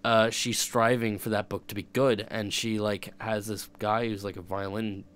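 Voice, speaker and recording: A man's voice: lowish voice, little pitch movement, moderate pace, fairly bright tone, smooth. A young man streaming and chatting casually, rambling and swearing, often breaking off and restarting his sentences. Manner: rambling, profane, self-interrupting. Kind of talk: casual chat.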